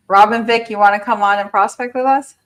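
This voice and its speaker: A woman hosting a live prospecting session on a video call, talking casually, brash and joking as she rallies her team. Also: medium pitch. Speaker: real estate agent hosting a prospecting session.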